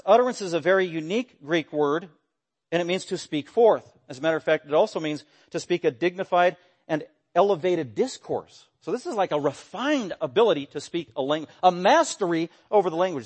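A man preaching an expository sermon, animated and emphatic, with bursts of raised voice, sometimes mimicking voices for quoted lines. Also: fairly high pitch, breathy edge. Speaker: pastor.

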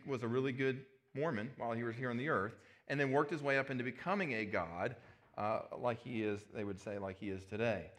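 Man, pastor, sermon, easygoing, rhetorical questions, mid-pitched voice. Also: fairly bright tone. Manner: conversational, with asides and rhetorical questions.

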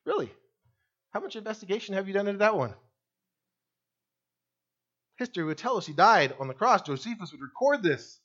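A man's voice: high voice, fairly bright tone, dull audio. A male pastor preaching a sermon, emphatic and full of rhetorical questions put to the congregation.

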